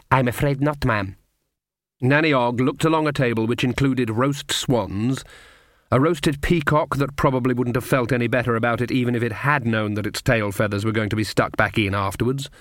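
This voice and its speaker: A man's voice: medium pitch, dry recording, clean studio sound. Man narrating a comic fantasy audiobook. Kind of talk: scripted narration.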